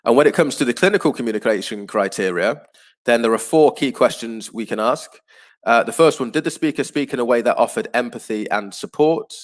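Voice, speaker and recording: A man teaching an online class, explaining patiently and clearly, with frequent ums and uhs. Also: medium pitch, brisk.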